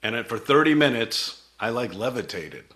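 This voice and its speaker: A man's voice: mid-range voice, very animated, moderate pace, fairly bright tone. A middle-aged man, a company CEO, telling his founding story in a vivid presentation that acts out quoted dialogue.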